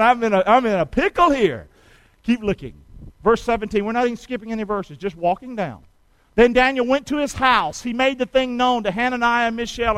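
A folksy middle-aged American preacher with a high voice, leading call-and-response lines. The sound is close and dry with no room echo, and he moves between storytelling and rallying his listeners. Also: a bit bright. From United States. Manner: folksy, storytelling, calls on the congregation to repeat after him.

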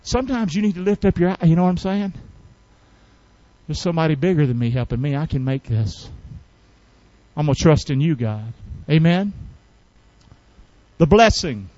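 High-pitched preacher man, folksy, keeps getting the crowd to say it back, dry slightly dull sound. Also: animated, normal speed, pauses often, no room sound. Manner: call-and-response preaching, rising to shouts; folksy, colloquial. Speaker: pastor. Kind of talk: sermon.

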